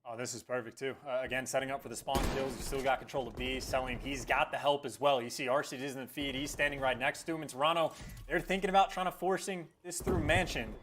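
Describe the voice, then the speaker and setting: A man giving measured, explanatory esports commentary. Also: mid-range voice, fairly even intonation, noisy background. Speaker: esports caster. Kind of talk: analytic commentary.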